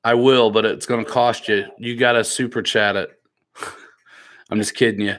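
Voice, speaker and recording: A man's voice: lowish voice, fairly even intonation, moderate pace, pauses often, fairly bright tone. A man hosting a live stream in a laid-back, joking way, reading viewer comments aloud and teasing the people in the chat.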